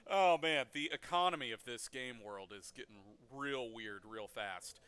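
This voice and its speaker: A man narrating a tabletop game as game master, playful and quick to laugh. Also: medium pitch, lively intonation, fairly bright tone, smooth.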